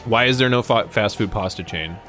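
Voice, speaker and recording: A man's voice: fairly low pitch, fairly quick, sharp tone, soft background music. A young man chatting casually and profanely with his live-stream chat, rambling and joking. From United States.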